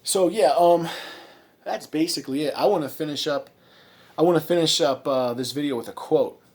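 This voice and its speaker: A man's voice: fairly high pitch, moderate pace. Rambling, indignant man ranting. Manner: rambling, with many fillers and restarts. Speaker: vlogger. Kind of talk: casual commentary monologue.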